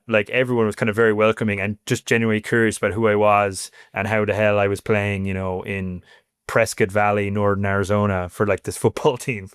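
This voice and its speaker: A man's voice: lowish voice, clear, resonant tone, dry recording. Irish man with a Cork accent, chatty guest, lots of fillers, dry close mic. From Cork, Ireland. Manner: chatty, many "like" and "you know" fillers, quick. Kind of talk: casual interview chat.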